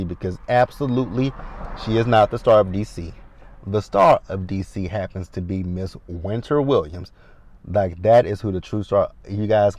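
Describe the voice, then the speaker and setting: A man's voice: on the low side, a little mellow. A man in his thirties giving a casual, candid recap of a reality show, emphatic and repeating lines for stress.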